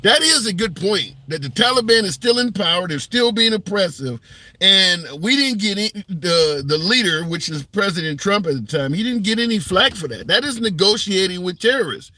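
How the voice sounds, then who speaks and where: A man's voice: sits high, lively intonation, moderate pace, bright, forceful tone. A man hosting a political talk show, talking it over casually and hedging as he thinks aloud. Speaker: host.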